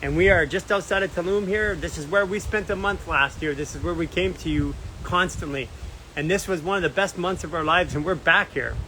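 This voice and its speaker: A man's voice: fairly high pitch, fairly quick, sharp tone, slight background noise, low-quality recording. A Canadian man hosting a casual live stream outdoors near a beach, upbeat, reading out where his viewers are from. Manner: upbeat, reads out viewer comments and places.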